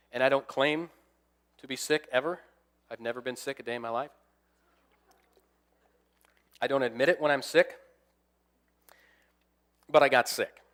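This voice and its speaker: A young man preaching from the pulpit, his voice sitting at an ordinary middle pitch. He tells a personal story in a lively way and acts out the other people's lines as he goes. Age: young adult. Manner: animated storyteller acting out quoted dialogue. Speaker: assistant pastor. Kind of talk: storytelling sermon.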